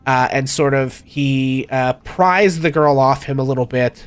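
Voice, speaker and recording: A man's voice: mid-range voice, a little slow, clear, resonant tone. A man narrating a tabletop game as game master, hesitant and full of fillers.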